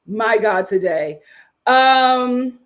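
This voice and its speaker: A young adult woman giving a sassy, emphatic live recap of a reality show, acting out the cast's lines in quick asides. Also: a little high, animated. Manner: sassy, emphatic, quotes cast members in voices.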